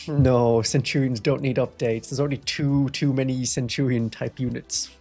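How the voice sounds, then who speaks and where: A man's voice: medium pitch, steady tone, normal speed, darkish tone, faint music behind. A man with a toned-down Northeast English accent, chatting with viewers on a live stream in a wry, rambling way. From Northeast England. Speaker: Warhammer streamer. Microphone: studio microphone.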